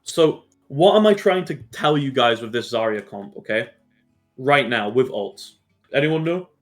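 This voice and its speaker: A man's voice: mid-range voice, lively intonation, unhurried, soft background music. A man coaching his esports team through a match review, direct and blunt, swearing freely and checking in with his players often. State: has the hiccups.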